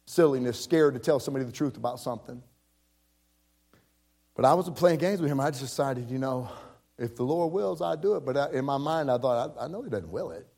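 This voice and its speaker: A man's voice: medium pitch, brisk, a little mellow. A man preaching a personal story, acting out the voices of people he quotes, with frequent repeated words. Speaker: pastor. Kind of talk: storytelling sermon.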